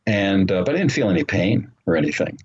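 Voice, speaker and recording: A man telling his story as an interview guest, earnest and unhurried, with frequent ums and uhs. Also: low voice, big pitch swings, slightly rough. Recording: muffled remote call audio with faint noise.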